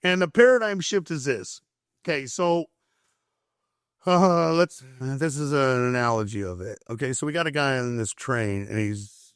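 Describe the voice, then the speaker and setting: A man's voice: mid-range voice, no echo, studio quality. A man speaking as a recovery counselor guest, frank and impassioned, who repeats words while he searches for them. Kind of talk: earnest conversational storytelling.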